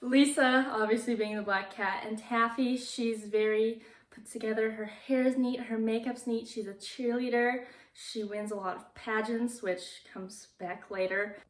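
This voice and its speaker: A young woman casually retelling a movie plot, chatty and laughing often, dropping to a hush when she quotes characters. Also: on the high side, fairly even intonation, measured pace, echoey room. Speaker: movie recap vlogger.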